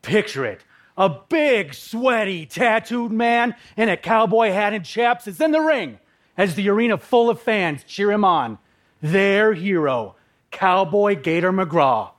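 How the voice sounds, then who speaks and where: Lively man telling a personal story. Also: high-pitched. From Minnesota. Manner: vivid, emotional, animated narration.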